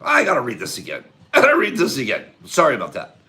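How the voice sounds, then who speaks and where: A man's voice: mid-range voice, huge pitch swings, fast, pushed and bright, faint music behind. A man hosting a casual morning chat with viewers, rambling in a sentimental way and chuckling as he goes. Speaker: host of a morning show.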